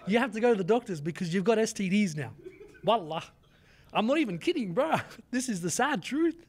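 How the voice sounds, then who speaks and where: A young man, telling animated stories as an interview guest and mixing in Arabic words. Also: sits high, fairly quick. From Australia. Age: 20s. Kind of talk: casual interview chat.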